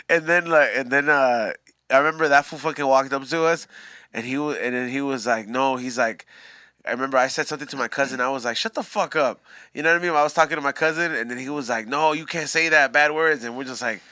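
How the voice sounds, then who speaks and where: A man's voice: medium pitch, quick pace, pushed and bright, clear, resonant tone, no room sound. Slangy LA guy telling a story. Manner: laid-back slangy storytelling with profanity, laughs often. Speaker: podcast host. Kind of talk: casual storytelling chat.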